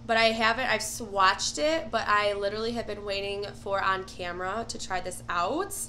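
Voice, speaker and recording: A woman's voice: medium pitch, moderate pace, bright, forceful tone, slight background noise. A young woman filming a casual first-impressions makeup review, gushing and exclaiming as she tries products. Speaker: beauty vlogger.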